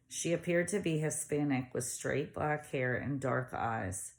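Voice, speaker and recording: A woman narrating a novel aloud in a steady storytelling manner. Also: very deep voice, unhurried, few pauses. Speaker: audiobook reader. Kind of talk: audiobook narration.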